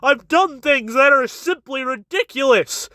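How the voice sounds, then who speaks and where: A man's voice: high voice, normal speed, pushed and bright, no room sound. A man reading a young male villain who fakes remorse with a theatrical, tearful confession.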